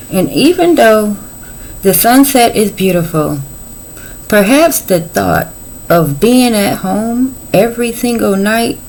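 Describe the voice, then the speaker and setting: A woman's voice: medium pitch, darkish tone, slight background noise, poor audio. A middle-aged woman giving a casual tarot reading, chatty and folksy with playful asides. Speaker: tarot reader.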